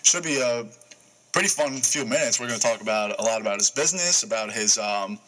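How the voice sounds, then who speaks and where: A man's voice: lowish voice, expressive, fairly quick, sharp tone, rough recording. Young male sports host, emphatic. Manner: emphatic, asks and answers his own questions. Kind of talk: casual sports radio talk.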